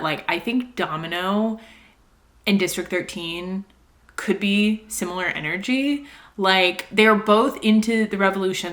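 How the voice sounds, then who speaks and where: A young adult woman with a slightly low-pitched voice talks through a casual reading vlog. She rambles and gets excited, and laughter runs through her talk. She records at home. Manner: chatty, excitable, laughs often, rambling asides. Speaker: book vlogger. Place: home, indoors.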